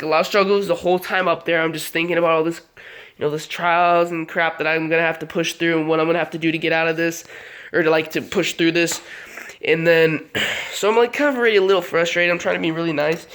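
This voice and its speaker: A man in his early twenties, rambling through a casual vlog story with lots of fillers and self-corrections. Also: fairly bright tone. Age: 20s. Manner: rambling, lots of fillers, acts out quotes in higher voice. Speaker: vlogger.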